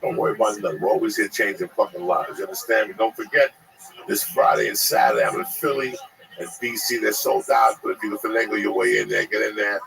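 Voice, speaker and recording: Gravelly brash podcast host. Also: male voice, on the low side, fairly even intonation, fast, fairly bright tone, poor audio. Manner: brash, profane, promotional. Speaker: podcast host and touring comedian. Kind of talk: casual podcast chat.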